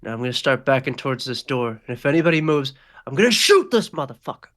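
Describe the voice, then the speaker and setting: A man's voice: medium pitch, level tone, fast talker, a bit bright, close to an everyday voice. A man voicing a desperate male gunman who swears and threatens a room while holding a revolver. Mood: threatening.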